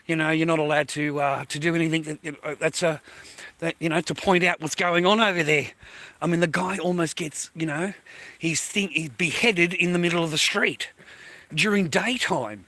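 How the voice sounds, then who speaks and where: A man's voice: fairly high pitch, moderate pace, bright, forceful tone, no echo. A man with an Australian accent, vlogging outdoors while walking through a neighbourhood, rambling crudely and filling his talk with "mate" and "you know.". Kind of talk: rambling casual vlog.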